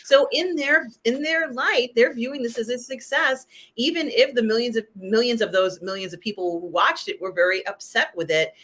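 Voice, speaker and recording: A woman's voice: fairly high pitch, normal speed, hardly any pauses, fairly bright tone. A woman hosting a casual live-stream pop culture chat, talking in a chatty way with many "um"s and "you know"s. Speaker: host.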